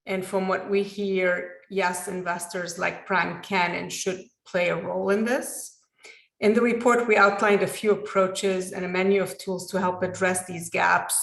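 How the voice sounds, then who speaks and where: Gravelly-voiced woman in an echoey room. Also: lowish voice, level tone, measured pace, a bit bright. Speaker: panel moderator. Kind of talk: summarizing a panel.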